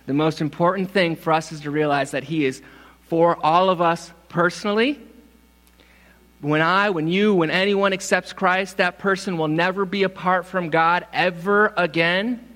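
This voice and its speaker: A man's voice: on the high side, fairly bright tone. A male pastor preaching a sermon, emphatic and repeating words for stress, calling for responses. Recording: long hall reverb.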